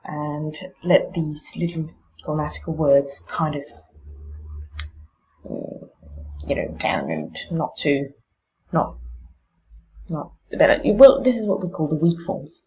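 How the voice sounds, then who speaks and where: A woman teacher giving exam tips on pronunciation, demonstrating word stress slowly and with care. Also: sits low, sing-song, a little mellow, highs cut off.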